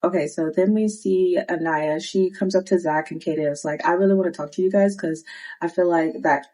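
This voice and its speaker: A woman's voice: lowish voice, a little fast, low-quality recording. A young woman giving a sassy, slangy recap of a reality dating show, acting out the cast's lines as she retells them. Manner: sassy, animated, slangy retelling with quoted voices. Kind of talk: casual recap commentary.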